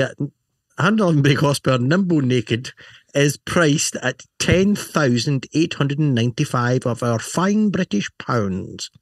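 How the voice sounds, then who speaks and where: A man's voice: mid-range voice, dry recording. A man, chatting on a podcast as co-host. He rambles through bike news with self-mocking jokes, and the recording is dry and close. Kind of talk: casual banter reading bike news.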